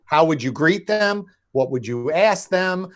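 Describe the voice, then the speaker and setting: A man co-hosting a casual talk about car sales, lively and anecdotal, acting out conversations with customers. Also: a little high, measured pace. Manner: animated storyteller, acts out dialogues with customers. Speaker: co-host. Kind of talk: casual podcast discussion.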